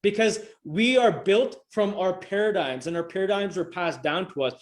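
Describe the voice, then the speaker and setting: A middle-aged man speaks in a somewhat high register, pressing his points again and again in a motivational coaching session. He talks casually and swears freely. His voice comes through a video call microphone. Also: moderate pace. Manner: emphatic, repetitive, casual with swearing.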